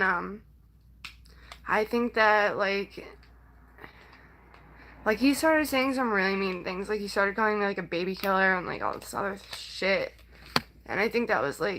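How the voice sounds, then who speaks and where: Background noise runs under this young woman's mid-range voice as she talks casually to camera. She rambles and halts with lots of "like" and "um," and at times she is emotional and close to tears.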